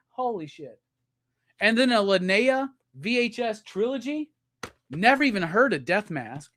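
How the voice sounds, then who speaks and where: A man hosting a live stream, unboxing gifts and gushing with loud, profane excitement. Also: high-pitched, unhurried, no echo. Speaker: live show host.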